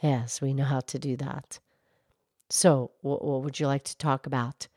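A woman voicing a gentle female cow who calmly explains history on a children's show. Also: a bass voice, unhurried, dry recording, studio quality, full character voice. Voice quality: calm, explanatory, hesitant restarts. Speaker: co-host, explainer.

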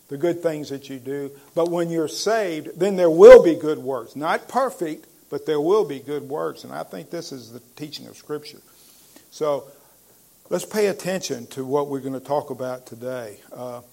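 A pastor delivering a sermon in a fairly high, gravelly voice. He preaches emphatically, pauses often on "uh", and slows right down when reading scripture aloud. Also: darkish tone.

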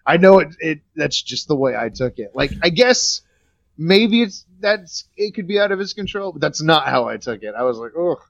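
A man in relaxed conversation, with a fairly high voice that swings widely and animatedly. He talks through his opinions and often restarts his sentences. The audio sounds dull and lo-fi, with a close, dry quality. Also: normal speed, vocal fry, no room sound. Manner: lively, offers his own take, hedges and restarts. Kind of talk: casual chat.

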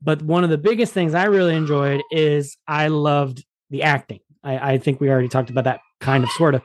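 A podcast host with a somewhat high, steady voice speaks a little fast in a dry recording. He leads a casual movie review chat with enthusiasm, often repeating words as he goes.

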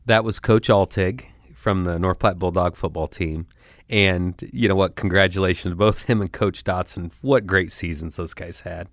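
Man podcast co-host, very deep voice, relaxed and appreciative, dry close sound. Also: moderate pace, dry recording. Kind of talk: casual chat.

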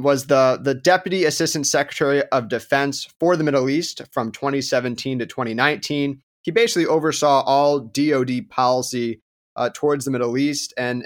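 Chatty male podcast host, casual delivery. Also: medium pitch. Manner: relaxed, conversational, many fillers. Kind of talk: podcast intro chat.

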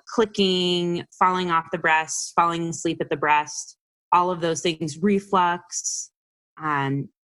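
A woman's voice: on the low side, a bit bright. A woman in her forties, a health practitioner, explaining earnestly as a guest on an interview podcast.

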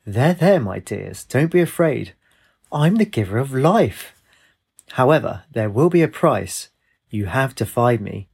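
A man's voice: medium pitch, expressive, a little slow, vocal fry, a little mellow, slightly rough, heavily acted. A man voicing a sinister, flamboyant male sorcerer villain in a storybook reading, with a mocking, theatrical sing-song menace. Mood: mock soothing.

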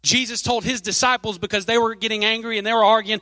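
A man's voice: sits high, fairly even intonation, fast, bright, forceful tone, dry recording, in a large hall. A man preaching a sermon, reading scripture aloud and leaning hard on key phrases.

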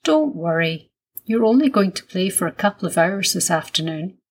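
A woman voicing a gentle, reassuring mother in a children's storybook. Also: lowish voice, lively intonation, normal speed. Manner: soothing, lightly teasing.

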